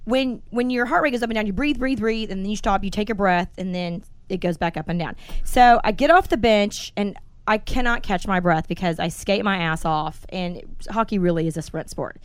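A woman in her forties hosting a casual podcast, telling stories in a blunt, animated way and swearing freely. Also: medium pitch, fairly quick, smooth, dry recording. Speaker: podcast host.

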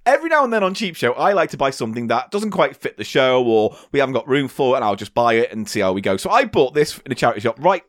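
A man's voice: mid-range voice, sing-song, fast, hardly any pauses, no echo, studio quality. A man from England co-hosting a comedy podcast, bantering playfully and swearing freely, sometimes slipping into silly voices. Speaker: podcast co-host.

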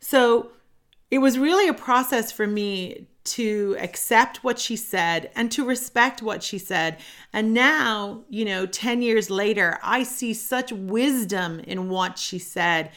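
A middle-aged woman hosting a solo self-help podcast, telling a personal story in an earnest, animated way. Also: on the high side, slow. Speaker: podcast host.

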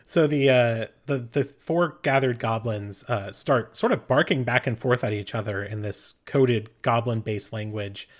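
Man, game master, improvised narration, mid-pitched voice. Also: unhurried, few pauses.

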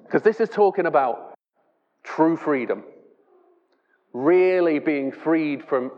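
A man's voice: a little high, big-room sound, lo-fi sound. A man from England giving a casual, chatty sermon, often restarting his sentences. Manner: casual, chatty and self-deprecating, with repeated restarts. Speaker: preacher. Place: church hall.

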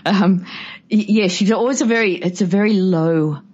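A woman's voice: mid-range voice, moderate pace, darkish tone, slightly rough. A woman guest on a podcast, chatting about an old film in a chatty, enthusiastic way. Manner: chatty and enthusiastic, breaks into funny impressions. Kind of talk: casual film discussion. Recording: dull lo-fi recording.

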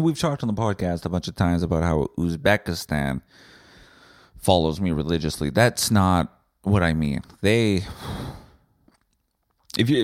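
A young Canadian man hosting a comedic solo podcast, rambling and swearing with deadpan asides. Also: deep voice, dry recording, clean studio sound. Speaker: podcast host.

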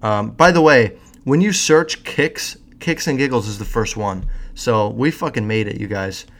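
A man's voice: mid-range voice, measured pace, fairly bright tone. Brief: a male podcaster in casual chat, blunt and crude, with a mid-range voice. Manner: blunt, sarcastic, swears often. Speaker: podcast host.

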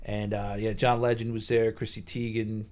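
A man guesting on a podcast, telling a rambling story in a relaxed, casual way. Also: on the low side, normal speed. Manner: laid-back, rambling with restarts.

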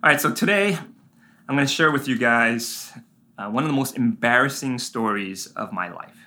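Bright-voiced man preaching with lively stories. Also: mid-range voice, normal speed. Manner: animated storytelling with many fillers. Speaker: pastor. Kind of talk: sermon with personal story.

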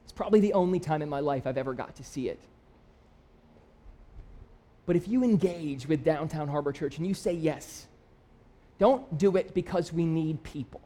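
Man, 30s, pastor, high-pitched, conversational sermon, self-deprecating storyteller. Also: moderate pace, long pauses, warm tone. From Michigan. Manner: builds to emphatic, rising appeals.

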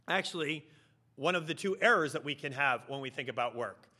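A man preaching a sermon, telling a story with lively, animated delivery and putting on voices for the characters. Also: fairly high pitch. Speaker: pastor.

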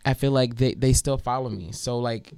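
A young man, a teacher, telling animated stories in casual chat, swearing and laughing often. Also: medium pitch, normal speed, clean tone, no room sound. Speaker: teacher and podcast co-host.

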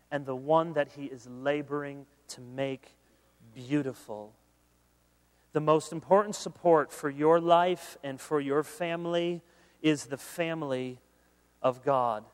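A man preaching a sermon as pastor, conversational and animated, mixing humor with earnest appeals. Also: medium pitch. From Michigan, USA. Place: large conference hall. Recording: long hall reverb.

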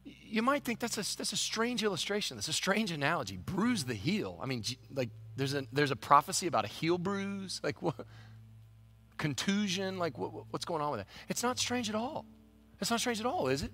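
A man preaching a sermon as pastor, swinging between hushed, quiet stretches and shouted peaks. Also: high voice, big pitch swings, moderate pace.

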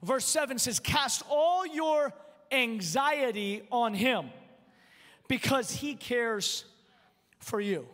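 High-voiced pastor preaching in a reverberant hall. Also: male voice, a bit bright. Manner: repeats words when restarting, self-deprecating humor. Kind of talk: sermon. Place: church auditorium. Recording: long reverb in a large church hall.

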